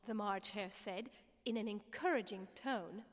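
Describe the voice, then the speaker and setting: A woman reading a classic children's story aloud in an unhurried, measured way. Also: mid-range voice. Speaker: narrator. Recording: long reverb.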